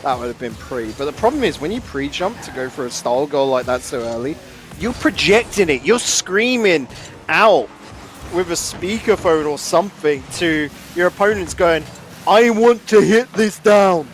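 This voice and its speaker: A man commentating a live esports match, quick to exclaim over big plays and replays, on a headset mic. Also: a little high, lively intonation, a bit bright, slight background noise.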